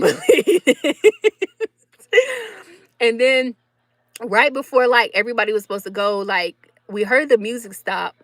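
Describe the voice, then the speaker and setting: A young woman, chatting casually to her viewers and telling an animated story with quick laughs. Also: fairly high pitch, no room sound. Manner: animated, laughs often, acts out quotes. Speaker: vlogger.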